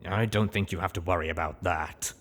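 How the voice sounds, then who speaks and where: A man reading aloud, voicing a wary male pony companion who speaks dryly and flatly. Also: sits low, fairly quick. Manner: dry, flat, sardonic. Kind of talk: audiobook reading.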